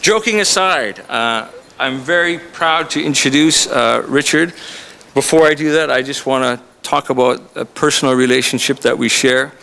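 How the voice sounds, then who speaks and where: A man's voice: mid-range voice, moderate pace, vocal fry, sharp tone, clean tone. Joking man giving an introduction. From Canada. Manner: joking, chatty, addresses the audience directly. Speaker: college instructor introducing a visiting author. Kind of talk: humorous introduction speech to an audience. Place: college lecture room.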